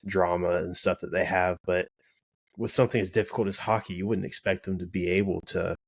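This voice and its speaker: A man who is a podcast guest, talking in a measured, thoughtful casual chat with some restarts. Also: low voice, fairly even intonation, gravelly, no room sound. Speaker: podcast guest, sports commentator.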